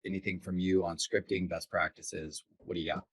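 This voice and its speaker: A man's voice: low-pitched, level tone, a little fast, fairly bright tone, no room sound, poor audio. A man hosting a casual podcast conversation as a sales coach, speaking in an enthusiastic, affirming way.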